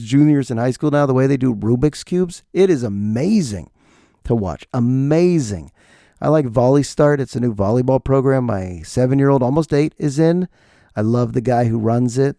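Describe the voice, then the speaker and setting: Male podcast host, forties, gravelly and mellow, rambling casual monologue, dry close sound. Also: medium pitch, no room sound. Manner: rambling, chatty and self-deprecating.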